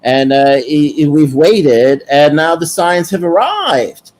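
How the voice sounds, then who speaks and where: A man from New York with a New York accent, talking casually as a guest, halting and rambling with many pauses and restarts. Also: on the high side, expressive, a little mellow. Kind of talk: casual chat.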